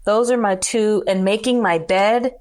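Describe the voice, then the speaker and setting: A woman's voice: medium pitch, steady tone, measured pace, a little mellow. A woman guesting on a podcast in casual chat, talking in a playful, jokey way.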